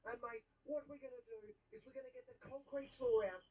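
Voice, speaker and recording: A woman working as a leak-detection tradesperson, chatting excitably through an on-the-job video and calling her viewers mate. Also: sits high, fast talker, far from the mic, very noisy. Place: indoors under a shopping centre building.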